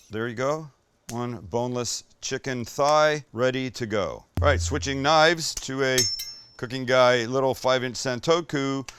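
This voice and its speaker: A man's voice: medium pitch, a bit bright, smooth. A man hosting a cooking show, talking viewers through each step in an irreverent, joking way with the odd swear word. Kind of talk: casual cooking demonstration.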